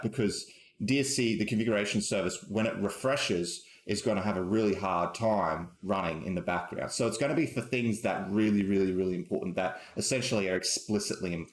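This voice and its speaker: A man hosting a casual tech live stream, rambling with lots of ums and restarts as he corrects himself. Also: sits low. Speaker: host. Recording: roomy echo.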